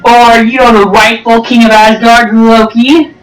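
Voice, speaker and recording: A man giving chatty, excitable let's-play commentary over a video game, sometimes pleading and whiny. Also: extremely high pitch, unhurried, distant mic. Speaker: gaming YouTuber. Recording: echoey room with game music behind. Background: game music.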